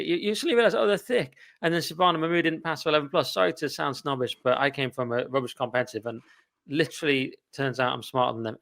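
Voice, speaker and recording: Male podcast host from England, blunt and sardonic, quick delivery, mid-range voice. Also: medium pitch, sharp tone. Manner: blunt, sardonic, rambling asides. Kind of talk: casual opinionated chat.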